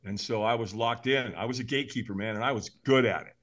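A man's voice: medium pitch, quick pace. A man, a podcast guest, telling a story with animation, acting out voices and laughing often. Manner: lively, acts out voices in his stories, laughs often.

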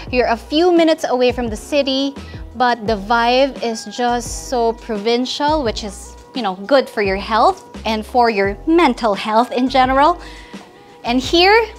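Filipino lady doing a house tour vlog, bit high voice, playful and chatty, walking through rooms. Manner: chatty and playful, joking with viewers, mixing in Tagalog. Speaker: real estate house tour host. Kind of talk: casual walkthrough tour. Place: inside a large house, walking room to room.

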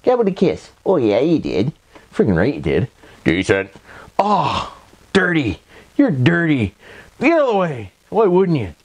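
His voice is mid-range but swings hugely in pitch, with a measured pace and frequent pauses. A Canadian vlogger with a Canadian accent, he does a laid-back voice-over through a microphone, wandering along with folksy catchphrases and tag questions.

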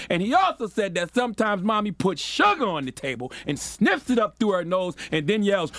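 A man's voice: sits high, big pitch swings, brisk, few pauses, a bit bright. A man co-hosting a morning radio show, telling a news story as a playful, mocking comedy bit into a studio microphone.

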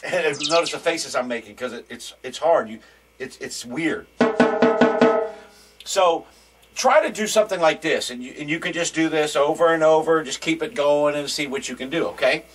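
A man's voice: on the high side, brisk, loud music behind the voice. A man teaching a drum lesson in a loose, rambling, joking way. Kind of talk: casual video lesson. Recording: distant mic with faint noise.

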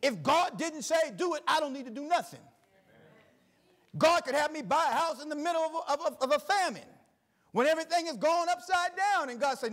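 A middle-aged male pastor preaching a sermon, reading scripture slowly and building emphasis through repetition. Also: very high-pitched, lively intonation, fairly bright tone.

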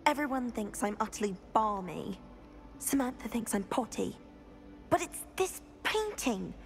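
A woman's voice: fairly high pitch, sing-song, a little slow, soft background music. A woman playing a curious schoolgirl student, chatty and earnest, a little flustered over a mystery. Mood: puzzled.

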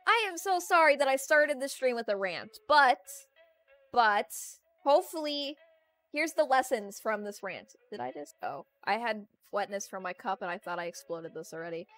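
A young adult woman rants and chats at a normal speed during a casual home stream, laughing often. Her voice is a little high and fairly bright with lively intonation, and faint playlist music plays behind her.

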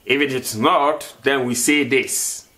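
A man's voice: mid-range voice, steady tone, pushed and bright. A man teaching a vocabulary lesson, repeating each word and asking questions for the learner to answer. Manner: slow, repeats words and asks questions. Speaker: language teacher.

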